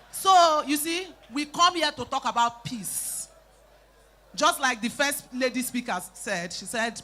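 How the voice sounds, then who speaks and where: A woman with a Nigerian Pidgin accent doing live stand-up comedy, telling animated stories, shouting out acted lines and teasing the crowd. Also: high-pitched, slow, slight background noise. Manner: animated storytelling, bursts into shouting and acted quotes, teases the crowd. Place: live event stage.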